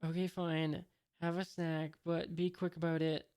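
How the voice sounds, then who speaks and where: Cocky pirate lion tamer guy, woman just reading his lines, low and slow, kinda flat. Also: clean tone, lightly acted. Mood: threatening. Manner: flat read-aloud delivery with fillers. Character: adult male lion-taming pirate, boastful and threatening.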